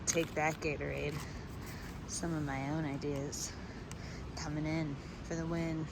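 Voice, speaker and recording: A woman's voice: sits low, little pitch movement, a little slow, gravelly. A woman hiker vlogging candidly outdoors on a mountain trail, venting her frustration in a plain, honest way. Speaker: long-distance hiker vlogging. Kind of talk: candid vlog to camera. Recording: outdoor noise behind the voice.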